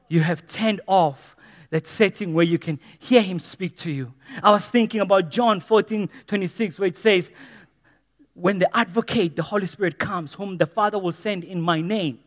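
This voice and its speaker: A man's voice: high-pitched, normal speed, long reverb tail. A man preaching a sermon in a church, earnest and emphatic, repeating key phrases. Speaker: pastor.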